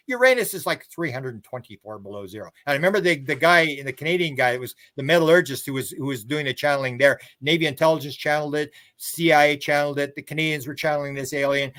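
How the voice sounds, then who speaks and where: Older man, rambling storyteller, fairly high voice. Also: fast, hardly any pauses, fairly bright tone. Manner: rambling storyteller who acts out other people's words. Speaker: guest author and UFO researcher. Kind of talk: casual livestream interview.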